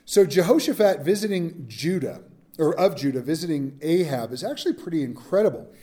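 A man's voice: a little high, a little fast, breathy edge. A man preaching a verse-by-verse sermon, reading scripture aloud and acting out the speakers in casual modern slang. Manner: animated, acts out quotes in modern slang. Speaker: pastor. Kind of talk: expository sermon.

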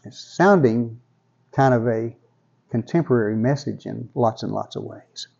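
A man's voice: medium pitch, unhurried, vocal fry, a little mellow, slightly rough, highs cut off. A man preaching a sermon in a conversational way, often repeating words as he builds toward a point. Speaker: pastor.

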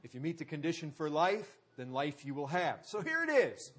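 A man preaching a sermon, driving points home with emphatic repetition and dramatic pauses. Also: a little high, big pitch swings, a bit bright, slightly rough. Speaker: pastor.

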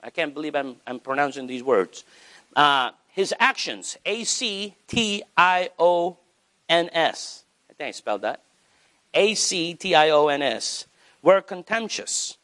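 A male pastor preaching with animated energy, his voice sitting a little high for a man. He swings up and down in pitch as he drives his points home, slowing down to stress key words. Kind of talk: sermon.

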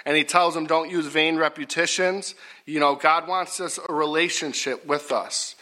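A middle-aged man preaching a folksy sermon, repetitive and rising to loud emphatic bursts. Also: on the high side, fairly even intonation, moderate pace.

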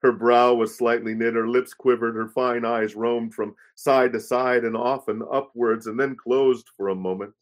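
A man reading aloud a pastor's first-person story in a measured, solemn way. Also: mid-range voice, fairly even intonation. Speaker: reader of a pastor's memoir.

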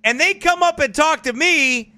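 A man's voice: very high-pitched, normal speed, pushed and bright. A male pastor preaching in a combative, mocking, emphatic way. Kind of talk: fiery preaching broadcast.

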